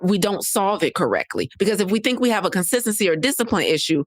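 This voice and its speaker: A woman's voice: medium pitch, very animated, fast, no echo, studio quality. A woman podcast host, coaching listeners in a conversational way and often checking in with "right?". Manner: conversational, repeats key points, often asks "right?". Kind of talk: solo podcast teaching.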